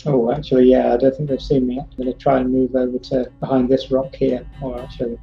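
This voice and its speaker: A man's voice: medium pitch, level tone, fast talker, creaky, dull audio, faint music behind. A man playing a tabletop role-playing game, matter-of-fact as he declares his actions. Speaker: player.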